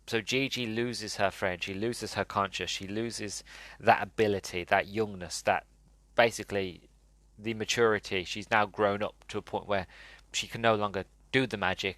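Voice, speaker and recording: A man's voice: lowish voice, fairly bright tone, dry recording. A man hosting a podcast, giving a casual and enthusiastic movie review, rambling with many fillers and restarts. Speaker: podcast host.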